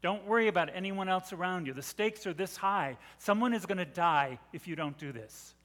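A middle-aged man preaching a sermon, telling the story dramatically and swelling from hushed to loud. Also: high voice, moderate pace. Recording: long reverb of a large hall.

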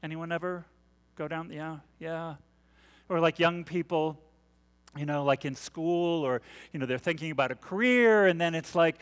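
A man's voice: fairly high pitch, normal speed, clean tone. Chatty male preacher in a reverberant church. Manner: chatty, asks the congregation questions, many fillers. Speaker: pastor. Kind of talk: interactive conversational sermon. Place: church sanctuary.

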